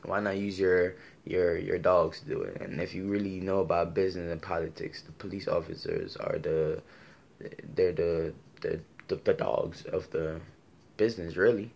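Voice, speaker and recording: A man's voice: deep voice, steady tone, normal speed, gravelly, darkish tone. A man delivering a passionate, argumentative opinion monologue full of rhetorical questions. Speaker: commentator giving his opinion.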